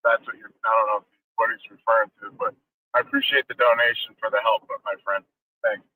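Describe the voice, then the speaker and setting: Man, caller on a line, bright tense voice, stammering and defensive. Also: on the low side, steady tone, fairly quick, low-quality recording. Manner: stammering, defensive, repeats words. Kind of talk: call-in conversation.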